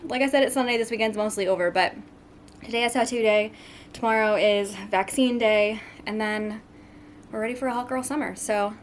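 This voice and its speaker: A woman's voice: on the high side, slight background noise. A young woman in her twenties chatting casually to camera in a vlog, with frequent ums, sometimes talking with her mouth full. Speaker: vlogger.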